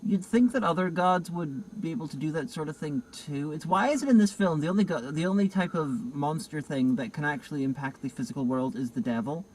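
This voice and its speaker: A man's voice: a little high, a little fast, few pauses, a little mellow, a little hiss or hum, low-quality recording. A man hosting a casual film review chat, riffing in a rambling, sardonic way. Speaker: host film critic.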